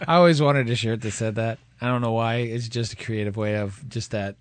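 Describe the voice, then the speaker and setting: Chatty podcast co-host, dry close sound. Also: male voice, medium pitch, fairly even intonation, fairly quick, no echo. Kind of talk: casual movie chat.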